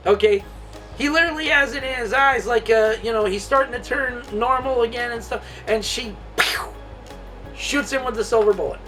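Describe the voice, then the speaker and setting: Excitable high-voiced man reviewing movies. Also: brisk, distant mic, soft background music. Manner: excitable and profane, laughs a lot, filler-heavy. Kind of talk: casual movie review vlog.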